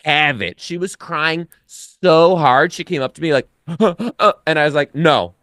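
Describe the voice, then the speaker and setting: A former teacher, a man guesting on a casual podcast, emphatic and profane, jumping high in pitch when he quotes himself. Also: moderate pace, a bit bright, no echo, clean studio sound. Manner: emphatic, swears freely, big pitch jumps when quoting.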